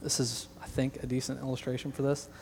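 A young male pastor delivers an earnest, emphatic sermon, stressing single words and sometimes breaking into light joking asides. His voice sits at an ordinary middle pitch. It carries a long reverb from a large church hall. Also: completely flat delivery, fast, gravelly, darkish tone, slight background noise.

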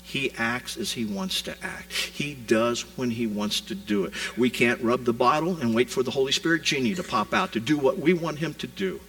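A man preaching a sermon, retelling scripture as a vivid modern scene, rising loud and dropping to a hush. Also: mid-range voice, moderate pace, hardly any pauses, poor audio. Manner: animated storytelling preacher, swings from loud to hushed. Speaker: pastor.

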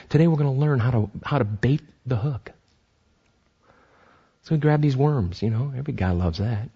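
A man preaching a sermon as pastor, animated, acting out voices and often restarting his sentences. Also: mid-range voice, husky, dull audio.

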